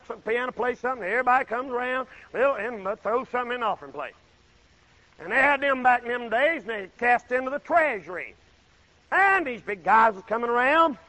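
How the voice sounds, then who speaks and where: A man preaching a folksy sermon, swinging from loud exclaiming to low murmured asides. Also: low-quality recording.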